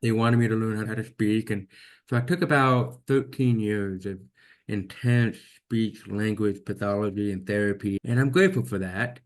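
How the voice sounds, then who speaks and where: Man with a deaf accent, lowish voice. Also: moderate pace. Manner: earnest, reflective, repeats words when restarting. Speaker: guest. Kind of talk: personal storytelling in an interview.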